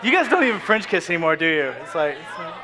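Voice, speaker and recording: High-voiced man preaching casually. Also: very animated, fast, heavy background noise. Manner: joking, conversational preaching with many asides. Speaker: pastor. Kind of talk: casual sermon. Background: faint crowd.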